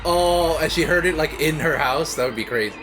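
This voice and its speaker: A man's voice: on the high side, brisk, music in the background. A man hosting a movie reaction, rambling and joking as he talks back to the screen. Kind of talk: casual reaction commentary.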